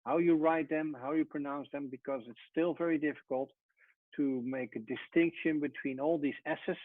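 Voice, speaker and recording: A man teaching a Hebrew lesson at a whiteboard, explaining step by step and often trailing off softly. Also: a little high, fairly even intonation, normal speed, dry recording. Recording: tinny phone-like sound.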